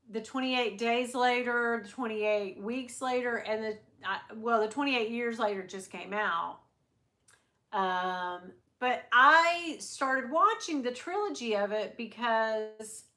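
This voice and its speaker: A middle-aged woman hosting a casual livestream, chatty and quick to swear and laugh. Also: a little high, bright, forceful tone. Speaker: livestream host.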